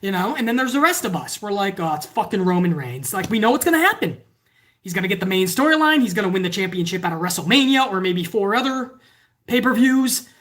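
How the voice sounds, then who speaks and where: A woman giving a casual, sarcastic and profane wrestling review, now and then acting out fans in shouted voices. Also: medium pitch, lively intonation, fast talker. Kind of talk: casual ranting commentary.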